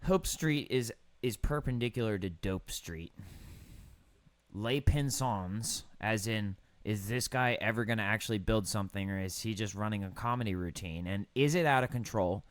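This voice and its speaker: A young man casually commentating over a building game, riffing deadpan puns on place names. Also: fairly low pitch, moderate pace, no echo. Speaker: gaming streamer.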